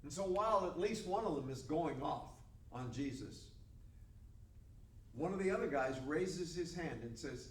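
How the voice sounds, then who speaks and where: A man's voice: a little high, expressive, unhurried. An older man teaching a Bible study to a group in a folksy, joking way. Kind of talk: conversational Bible lesson. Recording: roomy room mic from far off, faint noise.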